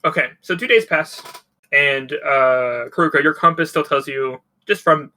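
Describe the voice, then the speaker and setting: A man's voice: fairly high pitch, measured pace, bright, forceful tone, low-quality recording. A man running a tabletop game as game master, narrating loosely with many ums and restarts. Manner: rambling with many fillers.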